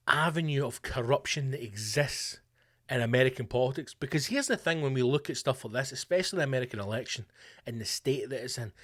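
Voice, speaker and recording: A Scottish man hosting his podcast, delivering a sweary, animated comedic rant in a conspiratorial tone. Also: medium pitch. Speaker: podcast host.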